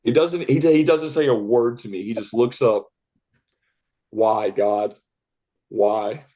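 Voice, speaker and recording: Laughing caddy telling golf stories. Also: male voice, mid-range voice, moderate pace, slightly rough. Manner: animated storyteller acting out dialogue, laughing often. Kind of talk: casual podcast storytelling.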